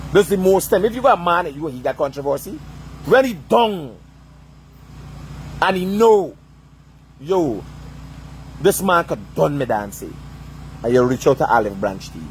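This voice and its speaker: A man's voice: a little high, slight background noise. A man delivering a heated, profane rant, swearing constantly and asking "you understand?" over and over. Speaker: vlogger.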